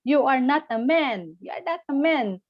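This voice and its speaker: Taunting shrill wife, woman acting, raised pitch, dull recording. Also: moderate pace, no echo, close to an everyday voice. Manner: repetitive taunting. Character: nagging shouting wife, contemptuous. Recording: dull lo-fi sound.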